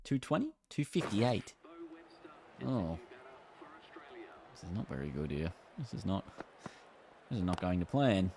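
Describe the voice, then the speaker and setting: A man's voice: sits low, very animated, a little slow, long pauses, background noise. An Australian man chatting casually on a live stream, reacting to a game and reading chat aloud. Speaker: gaming streamer.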